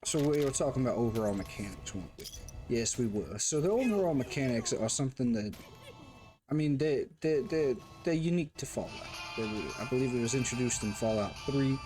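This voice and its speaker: A man's voice: medium pitch, lively intonation, fairly quick, over music. A man reviewing a game and talking casually while he plays, rambling, repeating himself and chatting to the characters on screen. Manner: rambling and self-interrupting, talks to the game. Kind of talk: casual commentary while playing.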